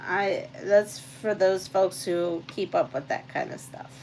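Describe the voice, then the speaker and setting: A woman's voice: lowish voice, slow, gravelly, a little mellow, a little hiss or hum, low-quality recording. A woman hosting a quilting channel, chatting casually, laughing often and reading out trivia questions. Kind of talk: casual chat while quilting.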